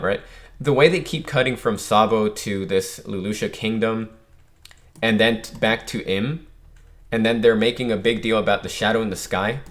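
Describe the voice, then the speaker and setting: Man, lowish voice, reads comic dialogue aloud plainly, casual reaction commentary, restarts and self-corrections. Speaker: manga reaction channel host.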